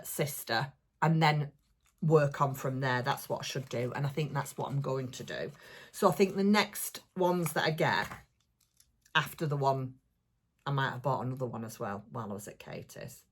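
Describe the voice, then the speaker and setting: A woman chats through her crafting vlog in a low, slightly husky voice. She gushes and rambles with lots of fillers, thrilled by every little thing she shows. Her talk is casual and homely, like catching up with a friend. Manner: gushing, excitable, rambling with many fillers. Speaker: crafting vlogger. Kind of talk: casual chatty show-and-tell.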